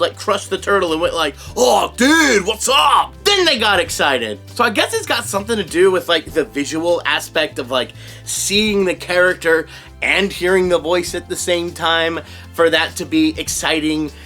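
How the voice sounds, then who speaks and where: A man recounts a funny story straight to camera in a vlog, laughing often as he goes. His voice is bright and clear, and it swings widely up and down in pitch. Soft music plays faintly under his talk. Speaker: voice impressionist and vlogger.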